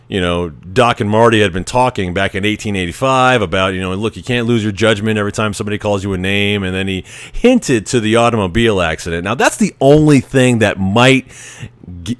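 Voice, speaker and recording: Guy riffing on a movie, low voice, dry close sound, keeps restarting. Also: no echo. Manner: rambling, restarts often, acts out quoted lines. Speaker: podcast host. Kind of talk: casual movie commentary.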